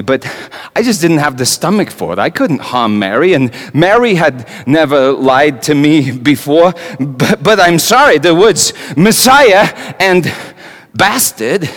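An actor playing a young carpenter in a dramatic stage monologue, talking in a conversational way with wry asides and stammered repeats. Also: male voice, on the high side. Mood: anguished. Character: Joseph the carpenter, young man, wry and anguished. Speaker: actor in a one-man monologue. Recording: long hall reverb.

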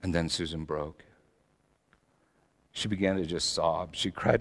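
A middle-aged male pastor preaching a sermon, swinging between loud emphatic lines and soft, low asides. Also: unhurried, pauses often.

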